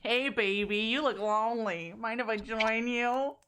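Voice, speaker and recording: A woman's voice: on the high side, a little slow, heavy background noise, pitched above the performer's own voice, close to an everyday voice. Woman putting on a nerdy cocky flirt. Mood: smug. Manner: smug, boastful.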